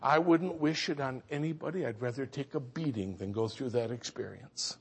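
A man pastor preaching a sermon as a story, swinging between loud exclamations and hushed earnest passages. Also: mid-range voice, normal speed, slightly rough.

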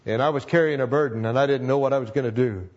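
A man's voice: mid-range voice, fast talker, a little mellow, dull audio. A man in his seventies, a longtime pastor, telling a personal testimony with earnest emotion and repeating phrases for emphasis.

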